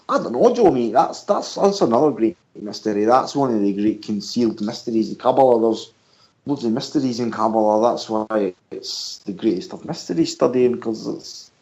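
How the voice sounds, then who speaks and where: A man from the United Kingdom, a guest on a radio interview, talks in an animated, rambling way and explains things by asking questions. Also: mid-range voice, poor audio. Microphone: headphones and mic at home.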